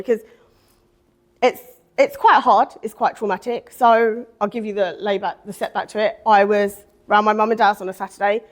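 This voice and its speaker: A middle-aged woman telling a personal story to an audience, acting out quoted lines with animation. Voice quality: expressive, swings into high animated quotes. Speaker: speaker at a women's day event.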